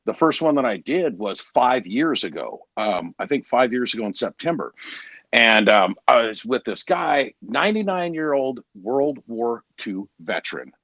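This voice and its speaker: A man in his forties tells stories from his sales work in a relaxed podcast conversation. He speaks candidly and acts out the people he quotes. His voice sits mid-range, recorded dry and close. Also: mid-range voice, moderate pace, no room sound, lo-fi sound. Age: 40s. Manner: candid, storytelling, quoting others in voices. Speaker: garage door salesman. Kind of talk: casual podcast storytelling.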